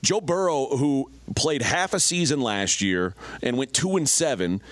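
A man co-hosting a sports betting show, trading deadpan jokes and laying out blunt arguments. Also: medium pitch, a little slow, no room sound. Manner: deadpan, self-mocking, argues points in lists. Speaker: sports betting analyst, co-host. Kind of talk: casual studio banter and sports analysis.

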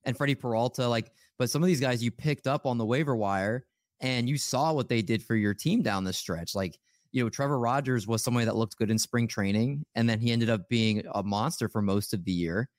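An easygoing man co-hosting a podcast, talking in a relaxed, conversational way at a middle pitch. He is recorded close and dry, with no echo. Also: a little fast. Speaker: podcast co-host. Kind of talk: casual podcast chat.

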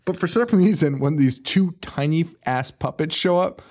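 A man co-hosting a casual podcast chat recounts a horror film scene by scene, at normal speed and in a fairly high voice with a darkish tone; he swears a lot, laughs, and does impressions of the characters.

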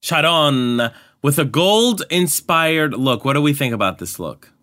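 A man with a high-leaning, bright voice co-hosts a casual podcast chat. His delivery swings widely in pitch, full of sassy exclamations and laughter as he trades opinions. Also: expressive, measured pace. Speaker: podcast co-host. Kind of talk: casual chat reviewing a show.

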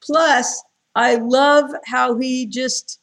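A woman talking as a guest on a podcast, candid and animated, telling stories with enthusiasm. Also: high-pitched, very slow. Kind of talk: casual podcast conversation.

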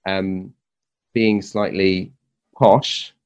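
English guy hosting a podcast, low voice, laid back and easygoing. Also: extremely slow, clear, resonant tone. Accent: Southern English. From Southern England. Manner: relaxed, easygoing, fillers and restarts. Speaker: podcast host. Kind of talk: casual conversation.

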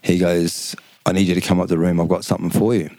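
A middle-aged man, casually telling lively stories as a podcast guest and acting out the quotes. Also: deep voice, fast, no room sound. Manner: animated storyteller, acts out quotes, laughs often. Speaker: guest, former kickboxing champion. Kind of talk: casual storytelling chat.

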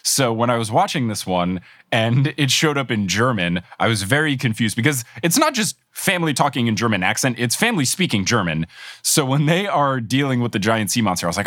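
A man's voice: mid-range voice, sing-song, quick pace, fairly bright tone, dry recording, clean studio sound. A man hosting a podcast, chatting casually, recapping a show, and reading an ad, laughing often. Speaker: podcast host. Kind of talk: casual chat and ad read.

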